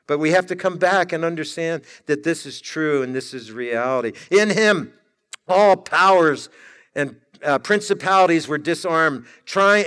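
A man with a high-pitched voice preaches a sermon, stretching his words out for emphasis and pausing for effect. His voice rings through a reverberant church hall. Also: a bit bright, clear, resonant tone. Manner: emphatic, drawn-out preaching with dramatic pauses.

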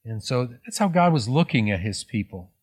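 A man's voice: medium pitch, sing-song, normal speed, a little mellow, breathy edge. A man preaching a sermon in a conversational tone, explaining scripture with frequent restarts and self-corrections. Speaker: pastor.

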